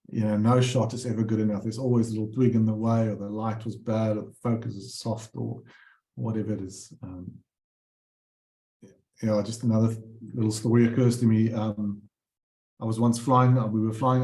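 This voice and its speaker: A man's voice: lowish voice, warm tone, roomy sound. A man presenting his bird paintings, telling rambling anecdotes with many fillers and restarts. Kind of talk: casual storytelling talk.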